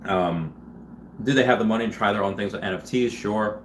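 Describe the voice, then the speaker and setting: A man with a somewhat low voice hosts a casual livestream, chatting with viewers and reading their comments aloud. He rambles and restarts often but picks up energy when he answers them. A faint noise sits behind the voice. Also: fairly quick. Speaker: livestream host.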